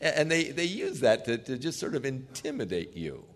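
A man's voice: mid-range voice, huge pitch swings, normal speed. An older man preaching a sermon in an earnest, emphatic way, putting questions to his listeners.

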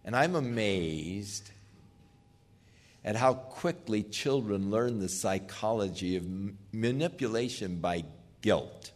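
A man's voice: lowish voice, expressive, slow pace. An older man preaching a sermon in an earnest, emphatic way, putting questions to his listeners.

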